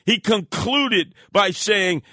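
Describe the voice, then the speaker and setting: A man hosting a radio talk show, telling stories in an animated, heated way. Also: sits high, takes it slowly, no room sound, clean studio sound. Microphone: studio microphone.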